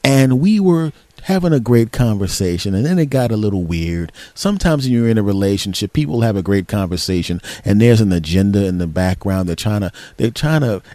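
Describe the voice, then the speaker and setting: Low-voiced guy rambling thru a comedy story, dry close sound. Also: brisk, few pauses, no room sound. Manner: animated, repetitive, rambling. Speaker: podcast host, comedian.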